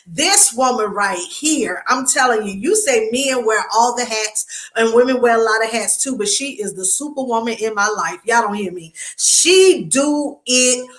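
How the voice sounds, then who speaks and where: An excited woman hosts a live talk show, building hype for her guest and tripping over her words in her rush. Her voice sits a little high and rings in a roomy, echoey space. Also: normal speed.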